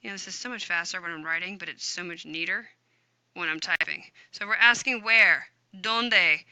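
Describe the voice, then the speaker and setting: A woman's voice: on the low side, normal speed, sharp tone, clear, resonant tone, no room sound. Upbeat woman teaching a grammar lesson. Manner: upbeat, chatty, talks to herself while typing. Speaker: Spanish teacher. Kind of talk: recorded grammar lesson with screen typing.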